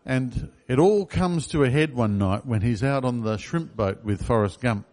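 A man's voice: medium pitch, lively intonation, normal speed, a little mellow. A man preaching a sermon in a conversational way, asking the congregation questions. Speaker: pastor.

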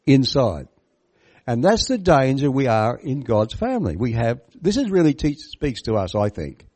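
A man of medium pitch and normal pace preaches about a parable from the Bible. His delivery is lively and forceful, with frequent questions to the audience and commentary on the passage.

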